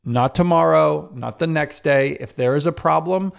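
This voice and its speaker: Gravelly-voiced man talking straight to listeners. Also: fairly high pitch, normal speed. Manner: candid, self-critical, addresses male listeners directly. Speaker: podcast host. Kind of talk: casual solo podcast talk.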